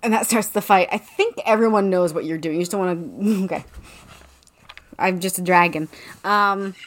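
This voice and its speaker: A woman's voice: lowish voice, moderate pace. A woman co-hosting a podcast, recapping a book's plot in a blunt, profane, breezy way. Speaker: podcast co-host. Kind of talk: casual chat recapping a book.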